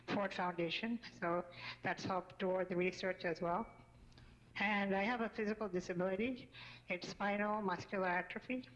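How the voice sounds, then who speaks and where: A woman doctoral researcher speaks to a panel in short, measured phrases. Her voice comes through a telepresence robot, so it sounds dull and muffled, at a middle pitch for a woman. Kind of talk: prepared talk.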